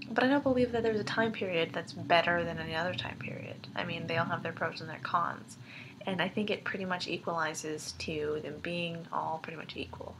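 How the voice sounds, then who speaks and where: A woman's voice: on the low side, a bit bright, a little hiss or hum. Rambling young woman vlogger. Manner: rambling, with many ums and likes; giggles between thoughts. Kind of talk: casual video-letter chat to friends.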